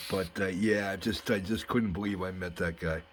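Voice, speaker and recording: A middle-aged man hosting a model building vlog, telling a story in a chatty, excitable way with lots of fillers and restarts. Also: sits low, normal speed, background noise. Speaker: model building channel host.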